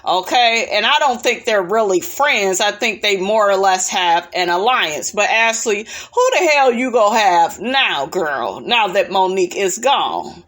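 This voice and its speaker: A woman's voice: medium pitch, expressive, unhurried, hardly any pauses, fairly bright tone. Sassy, blunt woman recapping reality TV. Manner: blunt, sassy, profane, talks back to the people she recaps. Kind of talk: casual recap commentary.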